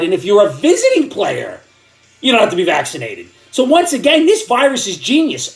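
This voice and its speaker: An older man delivering an angry, sarcastic comedic rant, often repeating words as he gets worked up. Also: sits high. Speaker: comedic commentator.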